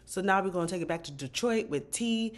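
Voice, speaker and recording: Slangy, animated woman recapping TV. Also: medium pitch, fairly quick. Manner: animated, slangy and profane, with outbursts of disbelief. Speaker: TV recap vlogger. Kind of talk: casual recap commentary.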